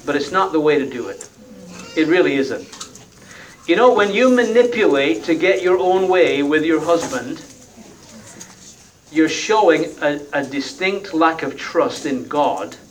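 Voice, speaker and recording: A man's voice: on the high side, animated, measured pace, distant mic, a little hiss or hum, poor audio. A man preaching a sermon in a conversational, folksy way, often tagging his points with rhetorical questions.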